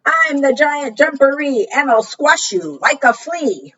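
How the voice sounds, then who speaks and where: A woman voicing a boastful unseen creature in a burrow, chanting loud sing-song rhymes for a storybook. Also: high-pitched, very animated, a little slow, voice pushed up, full character voice. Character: boastful unseen giant creature in a burrow, actually a baby frog. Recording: dull distant recording.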